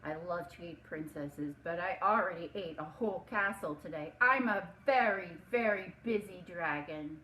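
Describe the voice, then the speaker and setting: Bragging storybook dragon, big and smug, loud woman doing it in an echoey room. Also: on the low side, normal speed, hardly any pauses, slight background noise. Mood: boastful. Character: boastful big male dragon, proud and busy.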